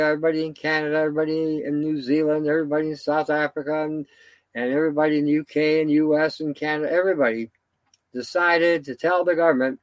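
A man's voice: a little high, dry recording. A man giving a rambling, indignant solo commentary, full of fillers and restarts.

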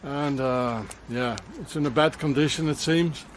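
A man's voice: mid-range voice, fairly even intonation, unhurried, slight background noise. A man rambling on a walk-and-talk travel vlog outdoors in a town, with many fillers and restarts. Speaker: travel vlogger.

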